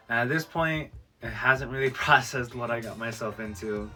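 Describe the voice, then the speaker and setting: A man's voice: medium pitch, normal speed, soft background music. A man vlogger telling a personal story in a casual storytime video, acting out what people said. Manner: animated storyteller who acts out quoted lines. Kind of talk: storytime vlog.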